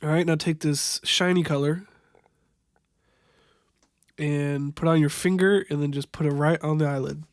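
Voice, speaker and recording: A man's voice: a little high, fairly even intonation, dry recording, studio quality. Young man ad-libbing a tutorial voiceover. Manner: halting, unscripted, stumbles over product names; wry, amused at the footage. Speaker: voiceover narrator. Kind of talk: improvised makeup tutorial voiceover.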